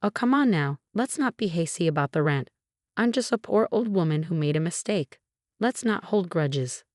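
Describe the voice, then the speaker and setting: A woman's voice: lowish voice, expressive, moderate pace, a little mellow, no room sound, studio quality, close to an everyday voice. A woman voicing a condescending, meddling older mother-in-law who belittles her son's wife. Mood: defensive. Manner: haughty, belittling.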